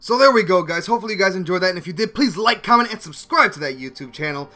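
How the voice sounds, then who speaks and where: Young male gamer, bright tone, jumpy casual play-by-play. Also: high-pitched, racing. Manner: excitable, yelps and laughs often. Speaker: gaming YouTuber. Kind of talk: casual gameplay commentary.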